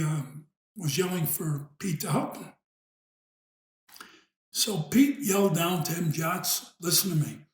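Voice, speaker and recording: A man with a New York accent, telling an old family story in a casual, unhurried way, pausing and trailing off into asides. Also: fairly high pitch. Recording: echoey room.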